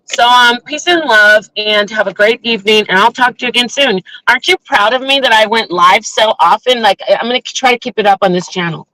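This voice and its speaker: A woman hosting a casual live vlog from her car, rambling and animated as she tells a story, recorded on a phone. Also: on the high side, fairly quick, hardly any pauses, no room sound, low-quality recording. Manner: chatty, rambling, animated retelling. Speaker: livestream host.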